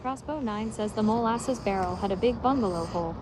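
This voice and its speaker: A text-to-speech woman's voice reading viewer messages aloud, announcing each username in a flat, even cadence over a noisy recording. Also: medium pitch, brisk. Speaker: text-to-speech chat reader.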